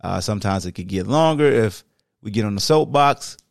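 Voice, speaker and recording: A man's voice: fairly low pitch, expressive, moderate pace, vocal fry, no echo, studio quality. Casual, plain-spoken male podcast host. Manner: conversational, plain-spoken, loose.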